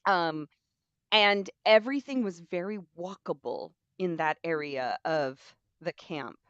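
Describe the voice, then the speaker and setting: A woman tells a travel story, chatty and rambling, with lots of little fillers and voiced-out quotes. Her voice sits fairly low. The sound is dull and very dry. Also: slow pace, a bit bright, clean tone, no echo. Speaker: live stream host. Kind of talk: casual storytelling.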